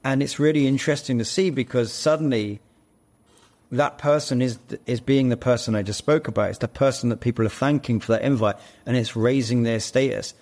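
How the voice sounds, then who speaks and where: A man guests on a podcast, explaining ideas and telling a story with lively emphasis. His voice is at an everyday middle pitch for a man. He speaks in a casual conversational way. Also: a little fast. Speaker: guest, actor and co-founder. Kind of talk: casual interview.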